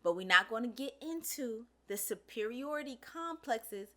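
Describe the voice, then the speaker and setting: A woman's voice: on the high side, animated, moderate pace, a bit bright. A woman hosting a commentary show, talking in a blunt, sassy and profane way. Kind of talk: casual social commentary.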